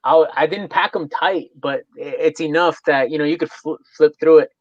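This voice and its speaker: A man's voice: a little high, normal speed, dry recording, highs cut off. A man in a casual chat, hesitant and searching for words as he explains.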